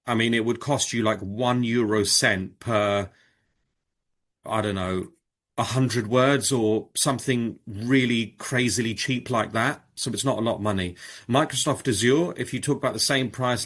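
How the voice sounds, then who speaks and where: A man casually presenting on a video call, demonstrating software and thinking aloud, with frequent fillers and restarts. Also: medium pitch, husky. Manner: informal, with many fillers and restarts. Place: home or office on a video call. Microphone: video call microphone.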